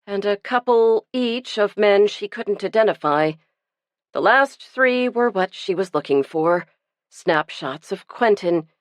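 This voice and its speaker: A woman narrating a cozy mystery audiobook in a measured, even storytelling manner. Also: fairly low pitch, no echo.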